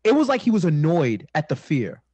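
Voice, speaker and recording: A man from New York chatting on a podcast, his voice husky and a little high. He talks in slang and spins stories with quick impressions of people. The recording is dry and close. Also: wildly swooping pitch, a little mellow, dry recording, highs cut off. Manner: slangy, storytelling with gym-buddy impressions. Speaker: podcast co-host. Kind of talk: casual chat.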